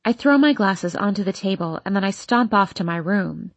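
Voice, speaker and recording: A woman with a slightly husky voice narrates a first-person teen novel. She reads with emotional intensity. The recording is dry and close to the mic. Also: mid-range voice, expressive, normal speed, no room sound. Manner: emotional, intense, voicing an upset teenage girl. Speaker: audiobook narrator.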